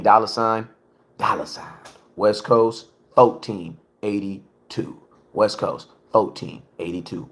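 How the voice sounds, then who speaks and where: Slangy man chatting on a live stream. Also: lowish voice. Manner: slangy, chatty, repeats himself, slows words for emphasis. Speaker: livestream host. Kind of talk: casual live-stream sports talk. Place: home, cooking. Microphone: phone for live stream.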